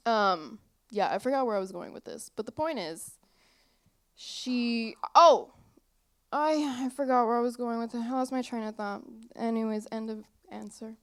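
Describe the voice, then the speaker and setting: Speaking at a moderate pace, this singer-songwriter guest has a fairly high voice that rings clear and resonant. She's a young woman in a relaxed on-stage interview at a small theater, giggling and wandering off topic until she forgets where she was going.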